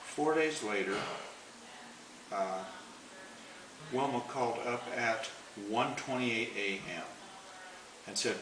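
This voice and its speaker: A man's voice: mid-range voice, slow pace, long pauses, crowd noise. Folksy man telling a rambling story. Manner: rambling and folksy, chuckling often. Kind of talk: casual spoken storytelling. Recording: roomy, distant, noisy home recording.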